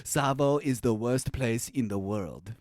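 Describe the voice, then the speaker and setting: A man's voice: medium pitch, a little slow, darkish tone. A man co-hosting a podcast, recapping a movie in casual chat, rambling and hunting for words, laughing often. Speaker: podcast co-host.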